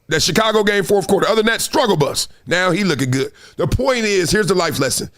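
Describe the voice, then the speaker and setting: A man riffs on football standings as the host of his own show, his voice sitting fairly high. He talks loosely and animatedly, full of slang, and now and then lapses into a playful sing-song. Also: animated, fairly quick, fairly bright tone. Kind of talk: casual sports commentary monologue.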